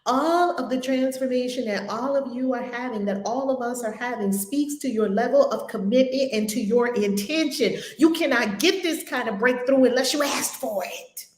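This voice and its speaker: A woman's voice: on the high side, normal speed, hardly any pauses, echoey room. A woman hosting a spiritual group call, talking in an exuberant, preacherly way with frequent laughter and repeated phrases. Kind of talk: casual inspirational talk.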